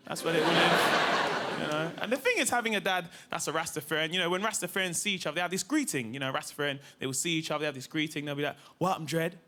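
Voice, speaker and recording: A man doing a lively, chatty stand-up routine on a TV studio stage. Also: fairly high pitch, a little hiss or hum. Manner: lively, chatty, peppered with "you know, man". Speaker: stand-up comedian.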